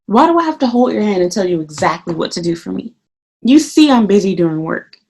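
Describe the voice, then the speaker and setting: A woman vlogging casually, venting heatedly about her work as a teacher and swearing freely, her voice a little hoarse. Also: medium pitch, big pitch swings, brisk, a little mellow. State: slightly hoarse. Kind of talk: casual ranting vlog.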